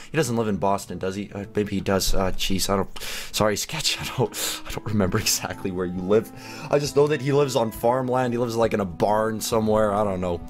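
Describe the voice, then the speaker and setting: A man's voice: lowish voice, a little fast, soft background music. A young man giving chatty, casual commentary on a game he is playing, often laughing and exclaiming. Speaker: gaming YouTuber.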